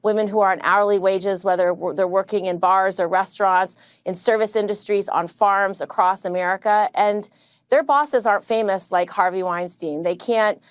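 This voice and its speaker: A woman senator speaks in a TV news interview, earnest and measured in a mid-range voice. Her answers come with a few hesitant fillers, and the sound is dry and close. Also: medium pitch, fairly even intonation, dry recording.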